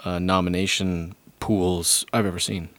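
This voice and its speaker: Male podcast host, low voice, joking hype man, dry close mic. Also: little pitch movement, fairly bright tone, no echo. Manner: joking, drawn-out hype with swearing. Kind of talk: casual podcast banter.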